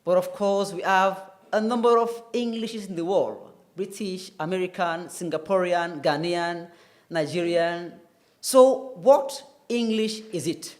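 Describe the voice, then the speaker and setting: An English tutor teaches a televised English lesson in a high voice, speaking a little slowly. He explains carefully and spells words out letter by letter.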